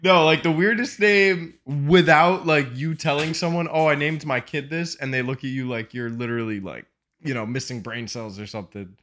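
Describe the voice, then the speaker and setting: A man's voice: a little high, steady tone, normal speed, a bit bright. A man co-hosting a comedy podcast, chatting casually and trailing off while searching for words. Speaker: podcast co-host. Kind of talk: casual chat.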